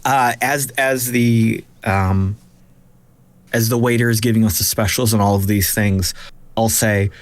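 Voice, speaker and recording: A man's voice: fairly low pitch, steady tone, moderate pace, no echo. A man playing a tabletop game, casual and hesitant, swearing lightly. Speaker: player. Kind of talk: tabletop role-play.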